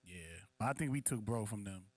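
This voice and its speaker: A man's voice: on the low side, a little fast, a little mellow, husky, no echo. Easygoing man trading jokes. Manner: joking, easygoing banter. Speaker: podcast co-host. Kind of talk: casual chat.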